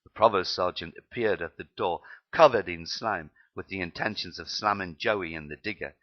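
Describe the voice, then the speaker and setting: A man's voice: sits low, lo-fi sound. A man reading his memoir aloud, plainly and with some slips and restarts. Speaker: narrator.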